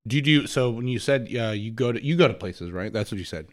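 A man's voice: mid-range voice, expressive, quick pace, dry recording, studio quality. A man co-hosting a podcast, telling rambling stories in casual chat and laughing often. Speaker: podcast co-host.

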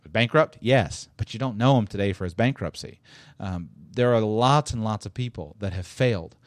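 A man's voice: on the low side, no room sound, clean studio sound. Rambling, emphatic male podcast host. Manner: rambling and emphatic, with frequent restarts and repetition; chuckles while making a point. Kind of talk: casual solo podcast talk.

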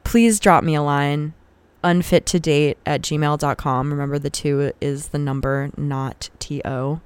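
A woman's voice: deep voice, fairly even intonation, measured pace, darkish tone, clear, resonant tone, no room sound. A young woman hosting a podcast, telling a personal story in a frank, profane, casual way and getting heated as she retells arguments. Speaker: podcast host.

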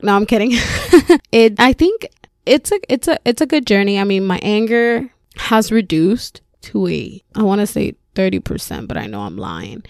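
A woman's voice: medium pitch, lively intonation, normal speed, no room sound, studio quality. A young woman hosting a podcast, candidly telling personal stories with frequent swearing and laughter. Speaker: podcast host.

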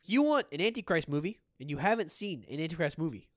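A man's voice: fairly high pitch, very animated, quick pace, dry recording, clean studio sound. A man co-hosting a horror film podcast, chatting casually and enthusiastically, swearing freely. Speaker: podcast co-host. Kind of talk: casual chat.

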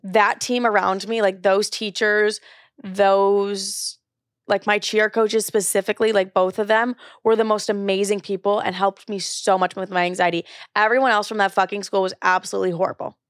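A woman's voice: mid-range voice, moderate pace, no room sound, clean studio sound. A young woman hosting a podcast, telling her own story in a candid, chatty way, swearing freely and acting out what people said to her. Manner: chatty, profane, animated quoting of others. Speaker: podcast host.

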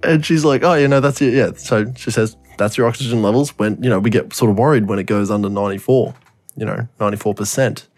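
A man's voice: fairly low pitch, quick pace, a little mellow, soft background music. A young man telling a story in casual podcast chat, rambling, swearing often and laughing through it. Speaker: podcast co-host.

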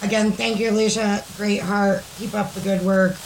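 A woman's voice: mid-range voice, level tone, moderate pace, a little hiss or hum. A woman co-hosting a casual podcast, reading listener stories aloud, chatty and swearing freely. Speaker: podcast co-host.

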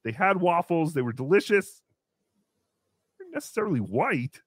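In a comedy livestream puppet act, a man voices a small, crude green creature who giggles, reads out donations, and refers to himself in the third person. The delivery is cheeky, fairly high and very animated at a moderate pace, with clean studio sound and no echo.

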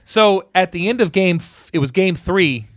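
A man's voice: sits high, expressive, moderate pace, a bit bright, no echo, studio quality. Profane man telling a bar story. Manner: profane storytelling, acts out quotes. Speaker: podcast co-host. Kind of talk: casual sports chat.

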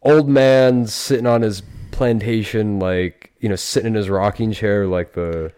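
A man with a lowish voice co-hosts a podcast, chatting loosely and joking around. He laughs easily and keeps the talk light. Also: fairly even intonation, unhurried, darkish tone, clean tone. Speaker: podcast co-host. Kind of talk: casual chat.

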